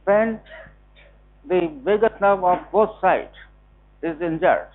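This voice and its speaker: Indian lecturer on a tinny recording. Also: male voice, high voice. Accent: Indian English. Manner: explains slowly, repeats key terms, scolds students. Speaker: anatomy lecturer. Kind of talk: classroom lecture.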